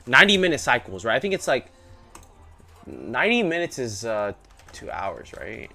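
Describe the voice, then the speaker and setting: Young male day trader streaming live, loose slangy chatter, voice bouncing up and down, quiet music under him. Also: medium pitch, wildly swooping pitch, normal speed, gravelly. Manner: slangy, rambling, keeps saying bro. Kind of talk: casual live-stream chat. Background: faint music playing.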